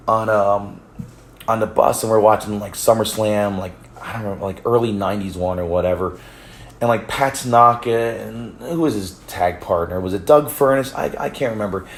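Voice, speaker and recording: A man's voice: on the low side, reverberant. A man from the United States telling a story in a rambling vlog, with many restarts, swearing and laughs. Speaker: vlogger. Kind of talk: casual storytelling.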